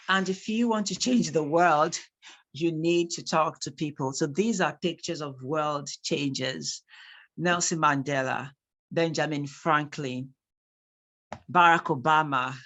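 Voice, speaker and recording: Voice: medium pitch, a bit bright. A speaking tutor with a Nigerian accent teaching a live online class, reading out replies from the chat and repeating key points for emphasis.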